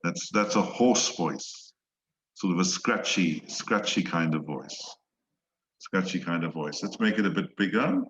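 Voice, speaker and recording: A man teaching English in an online one-on-one lesson, slow and patient, explaining words and acting out examples. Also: low-pitched, expressive, a bit bright. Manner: slow, patient, demonstrates voices. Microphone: video call. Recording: echoey, dull video-call audio.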